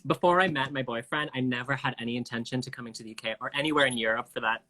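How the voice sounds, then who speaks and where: A man's voice: medium pitch, very fast, sharp tone. A man hosting a casual live stream chat, talkative, full of fillers, laughing easily. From Canada. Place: home, video live stream.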